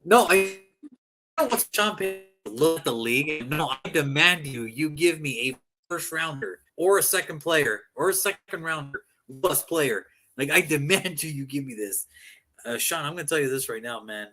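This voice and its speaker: A man co-hosting a sports talk show, joking in a casual, animated way and often acting out what people said. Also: a little high, moderate pace. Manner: animated, joking, mock-quoting people, repetitive.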